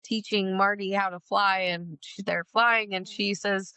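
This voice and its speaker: A woman's voice: mid-range voice, fairly even intonation, measured pace, pushed and bright, smooth, no echo. A woman co-hosting a podcast in casual chat, earnest and reflective. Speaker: podcast co-host.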